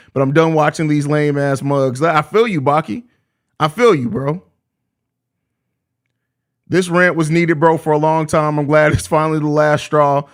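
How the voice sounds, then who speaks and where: A young man with a Chicago accent hosting a live postgame show, ranting heatedly and cursing. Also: on the high side. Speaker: podcast host.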